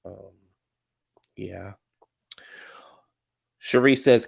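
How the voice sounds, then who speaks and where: A man's voice: fairly low pitch, slow, creaky, long pauses, no echo. Sassy gossiping man recapping reality TV. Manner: sassy, gossipy, animated storytelling with "honey" and "child". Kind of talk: casual recap commentary.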